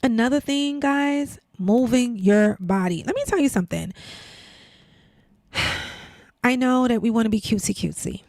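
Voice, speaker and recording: A woman in her fifties talks with a gravelly, fry-edged voice, close and dry on the mic. She chats in an open, emotional way, leaning on "like" and "girl" as she goes. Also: on the high side, animated, normal speed, pauses often, darkish tone, dry recording. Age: 50s. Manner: chatty, emotional, heavy use of "like" and "girl". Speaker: podcast host. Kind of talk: casual chat.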